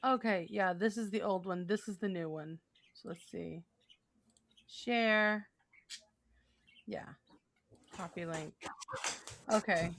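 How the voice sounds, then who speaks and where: A woman co-hosting a podcast, telling stories in a lively casual chat and laughing often. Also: mid-range voice, takes it slowly, pauses often. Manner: animated storyteller, laughs often. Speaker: podcast co-host.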